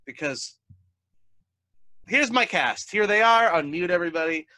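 A man's voice: sits high, lively intonation, a little slow, sharp tone. A man hosting a sketch table read over a video call, chatting casually with lots of fillers and reading stage directions. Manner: casual, joking, filler-heavy. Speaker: host and sketch narrator.

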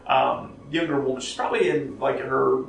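A man's voice: mid-range voice, fairly even intonation, normal speed, gravelly. A man running a tabletop game as game master, narrating casually with many fillers. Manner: casual, filler-heavy, laughing. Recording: echoey room, mic far off, faint noise.

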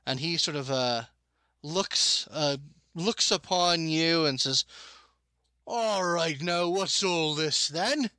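Man, game master, hesitant narration, bright tone, dry sound. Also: a little high, no room sound. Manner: hesitant, many ums.

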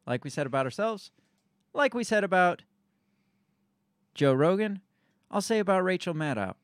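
A man's voice: high-pitched, expressive, moderate pace, dry recording, studio quality. A man co-hosting a podcast, ranting and swearing in exasperated casual chat. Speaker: podcast co-host.

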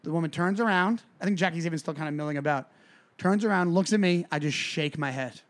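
A man co-hosting a comedy podcast, telling a story in a casual, animated way and often restarting his sentences. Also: fairly high pitch, fast.

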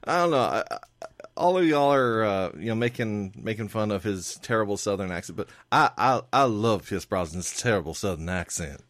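A man's voice: on the low side, expressive, moderate pace, a bit bright, no echo. A man on a casual movie review panel who laughs a lot and restarts his sentences. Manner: laughs often, stammering restarts.

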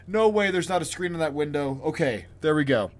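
A man co-hosting a podcast in casual chat, ranting with animated, profane energy. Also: a little high, fairly quick. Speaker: podcast co-host.

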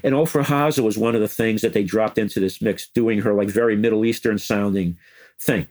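An older man telling animated, chuckling stories as an interview guest, slipping into quoted voices. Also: fairly low pitch, fairly quick. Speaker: interview guest, former music news editor. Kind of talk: anecdotal interview storytelling.

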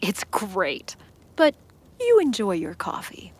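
A woman's voice: mid-range voice, wildly swooping pitch, slow pace, a little hiss or hum. Smug teasing young woman, as an actress plays her. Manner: teasing, playful.

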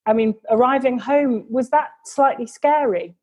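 Mellow-voiced woman interviewer. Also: on the high side, moderate pace, husky. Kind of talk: conversational interview.

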